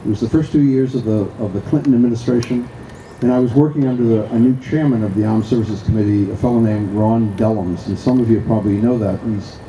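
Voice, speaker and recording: A man's voice: fairly low pitch, fast, mellow, a little hiss or hum. An older man from Boston with a Boston accent, giving a conference talk at a stand microphone with many fillers and restarts. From Boston area. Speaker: conference speaker. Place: lecture hall. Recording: roomy hall, faint ambience.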